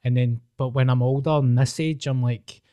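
A man's voice: medium pitch, steady tone, normal speed, warm tone, smooth, dry recording. Sympathetic sweary Scottish man, dry sound. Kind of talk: casual chat.

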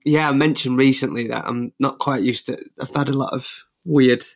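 A man's voice: mid-range voice, steady tone, normal speed, vocal fry. A young man chatting easily in an interview, laughing often as he talks about his podcast. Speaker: podcast host and radio presenter. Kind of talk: casual interview chat.

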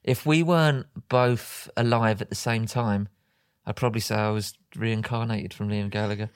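A man's voice: lowish voice, fairly even intonation, normal speed, clear, resonant tone, dry recording, studio quality. A man co-hosting a podcast in casual chat, telling rambling stories full of hesitations, laughing often. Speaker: podcast co-host.

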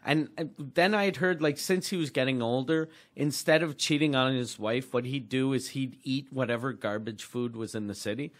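A man's voice: medium pitch, normal speed, hardly any pauses. Man telling a rambling story. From Quebec, Canada. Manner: rambling, profane, restarts often. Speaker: podcast co-host, comedian. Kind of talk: casual storytelling chat.

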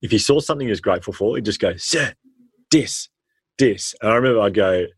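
An Australian man, a former teacher, telling stories with animated, slangy energy in an interview. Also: lowish voice, rapid-fire, husky, dry recording. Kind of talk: storytelling in a podcast interview.

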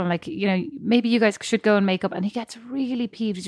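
A woman's voice: medium pitch, steady tone, quick pace, hardly any pauses, dry recording. Chatty mother in a dry booth. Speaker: podcast co-host. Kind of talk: casual chat.

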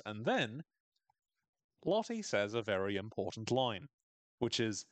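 A man's voice: lowish voice, sing-song, no echo. A man hosting a podcast, casually recapping a TV episode in a chatty, wry way. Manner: chatty, wry, acts out characters' lines in quick voices. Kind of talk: casual chat.

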